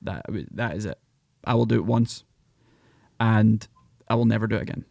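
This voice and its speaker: A man with a Scottish accent, a podcast guest who talks in animated, rambling bursts. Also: fairly low pitch, moderate pace, gravelly, dry recording, studio quality. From Scotland. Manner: animated, rambling, breaks into mock voices. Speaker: podcast guest, country singer. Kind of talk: casual podcast chat.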